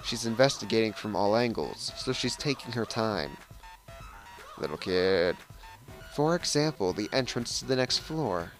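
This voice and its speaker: A man's voice: fairly low pitch, unhurried, faint music behind, low-quality recording. A man hosting a let's play, reading game text aloud and adding sarcastic asides. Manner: lively, switches between reading and sarcastic asides.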